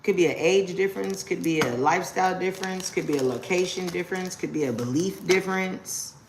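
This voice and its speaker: A young adult woman giving a casual live-stream tarot reading, slangy and quick to exclaim. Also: on the low side, noisy background. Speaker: tarot reader.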